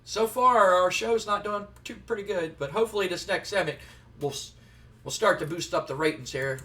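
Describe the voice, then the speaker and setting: A man's voice: sits high, a little fast, pushed and bright. A man giving casual, rambling commentary on a wrestling simulation game. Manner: rambling, conversational. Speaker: let's player. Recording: distant from the mic.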